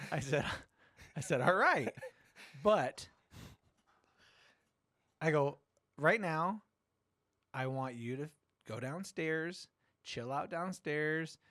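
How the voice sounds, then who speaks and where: A middle-aged man hosting a podcast, telling a story in casual chat, animated, swearing and acting out quotes. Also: a little high, extremely slow, long pauses, no echo, clean studio sound. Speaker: podcast host.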